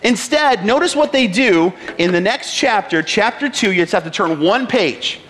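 A man's voice: high-pitched, lively intonation, moderate pace, a bit bright. A male pastor preaching a sermon in a conversational way, often asking rhetorical questions.

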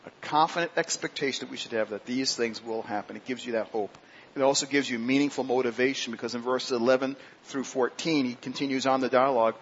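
Male pastor, mid pitch, earnest sermon delivery; dull lo-fi recording, faint noise. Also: a bit bright. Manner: earnest preaching, slows and lifts his voice on scripture quotes.

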